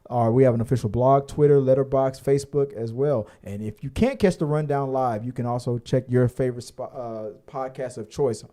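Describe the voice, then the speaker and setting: A man's voice: medium pitch, brisk, few pauses, warm tone. A man co-hosting a casual podcast, rambling with many fillers and restarts and the odd curse. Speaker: podcast co-host. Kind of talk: casual chat.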